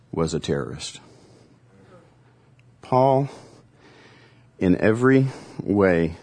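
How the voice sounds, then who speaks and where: Low-voiced male pastor preaching. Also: darkish tone. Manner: conversational teaching with dramatic pauses. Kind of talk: sermon.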